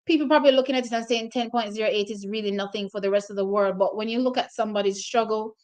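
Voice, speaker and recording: A woman's voice: medium pitch, steady tone, fast talker, darkish tone. A woman hosting her own track and field channel, talking casually and directly to her viewers about race results, openly emotional as she goes.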